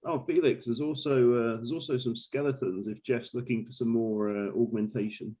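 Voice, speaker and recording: A man's voice: medium pitch, fairly even intonation, moderate pace, warm tone, slightly rough. A man playing in a tabletop game, talking casually and joking easily. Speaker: player.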